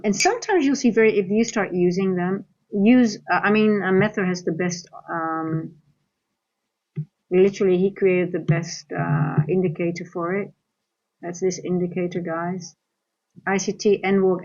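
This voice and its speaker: A woman's voice: lowish voice, fairly even intonation, unhurried, a little mellow, muffled recording. A woman from the Netherlands, a Dutch speaker, coaching on a live trading stream. She rambles, restarts her sentences and reads the chat aloud as she goes.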